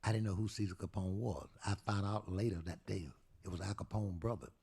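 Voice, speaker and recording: A man in his eighties telling a lively story at a live talk event, acting out the people he quotes. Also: low voice, brisk, gravelly, slightly rough. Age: 80s. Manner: animated storyteller, acts out quoted voices. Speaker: guest storyteller.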